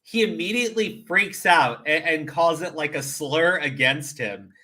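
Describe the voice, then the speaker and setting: A man's voice: a little high, measured pace, sharp tone. A man giving casual, profane reaction commentary, often laughing and restarting his sentences. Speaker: commentary streamer.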